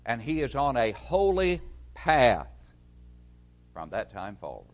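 Man, preacher, sermon, middle pitch, emphatic stresses, quiet falling phrase endings. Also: big pitch swings, slow pace. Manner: reads scripture aloud, then explains it.

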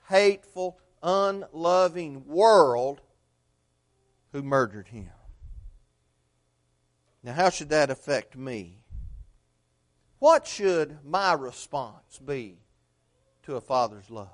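A man preaching a sermon, telling a story earnestly and swinging between loud and hushed delivery. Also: a little high.

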